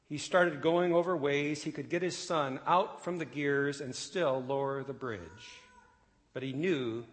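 A man preaching a sermon, telling a story with dramatic swells that drop to a hushed close. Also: mid-range voice. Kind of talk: sermon illustration and closing. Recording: long church reverb with faint guitar. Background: soft guitar music.

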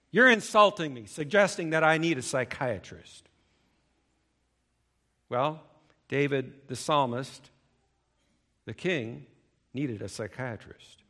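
A male preacher giving a sermon, emphatic, swinging between loud stressed phrases and low asides. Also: expressive, takes it slowly, long pauses.

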